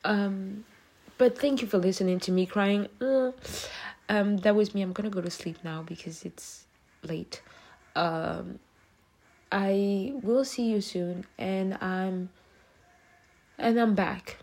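A young woman speaks quietly and haltingly into a close camera mic, tearful after a cry. Her voice sits at an ordinary middle pitch, and she fills her talk with restarts and little fillers as she confides late at night. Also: fairly even intonation. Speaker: vlogger.

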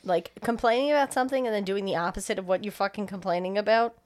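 A woman's voice: medium pitch, quick pace. A woman co-hosting a podcast, reacting bluntly and sarcastically to the story and swearing freely. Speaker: podcast co-host. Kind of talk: casual chat.

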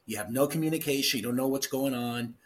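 A man's voice: medium pitch, quick pace. A middle-aged man, a retired police sergeant, talking as a guest in a casual interview and stressing key words as he explains.

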